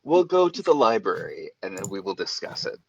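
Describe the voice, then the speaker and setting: A man's voice: low voice, very animated, fairly quick, gravelly, breathy edge. A man playing in a tabletop game, giggly and a bit hesitant. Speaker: player. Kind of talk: casual tabletop play. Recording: dull lo-fi sound.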